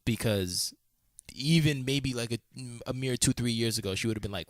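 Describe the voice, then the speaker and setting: A man's voice: mid-range voice, quick pace, no echo, studio quality. A man co-hosting a casual podcast chat, telling stories animatedly, laughing often and swearing casually. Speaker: podcast co-host.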